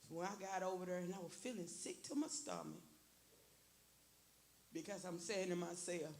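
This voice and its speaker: Gravelly woman testifying in church. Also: on the low side, moderate pace, darkish tone. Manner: earnest, repeats phrases, quotes herself and her prayers. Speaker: church member giving testimony. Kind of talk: emotional personal testimony in church. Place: church sanctuary. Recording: echoey church with faint hiss.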